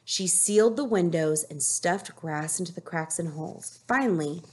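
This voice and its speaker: A woman teacher reading a picture book aloud to children, slow and expressive, stopping to ask the class questions. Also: lowish voice, slight background noise. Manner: slow, expressive storytelling with asides to pupils.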